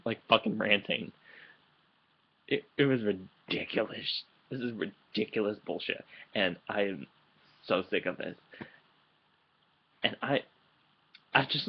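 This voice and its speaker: Casting note: a man fired up in a late-night webcam rant, low voice, swearing constantly, muffled lo-fi audio. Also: slightly rough. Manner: heated, profane, rambling with restarts. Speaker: vlogger. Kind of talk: angry vlog rant. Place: indoors at home, late at night. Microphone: computer microphone.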